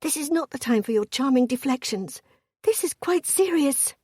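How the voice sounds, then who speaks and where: Earnest, pleading young noblewoman, voiced by a female narrator, warm and breathy. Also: sits high, brisk, dry recording, studio quality, recorded from a distance, voice pushed up. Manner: urgent, pleading.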